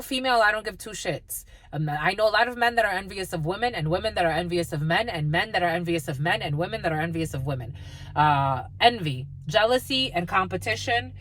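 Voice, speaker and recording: A woman with a mid-range, slightly bright voice, recorded with no echo, gives a spiritual energy reading. As a spiritual reader channeling a profane reading, she's blunt, swears constantly, and laughs now and then at her own reading.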